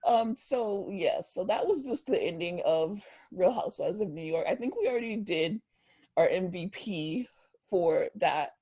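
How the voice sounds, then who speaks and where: A woman's voice: fairly low pitch, lively intonation, measured pace, warm tone, no room sound. A young woman co-hosting a podcast, gossiping in a casual chat and laughing often. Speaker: podcast co-host.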